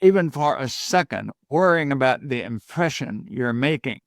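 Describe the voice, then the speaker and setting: An older man from Georgia, a communication coach guest, giving measured, deliberate advice in points. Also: medium pitch, animated, dry recording, clean studio sound. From Georgia, USA. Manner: measured, deliberate, lists points and quotes sayings.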